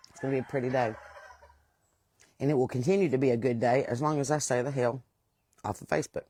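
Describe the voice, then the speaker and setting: A woman's voice: very deep voice, mellow, husky, dry recording. Blunt West Virginian woman. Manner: blunt, plain-spoken and aggravated. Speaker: host. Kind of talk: casual monologue.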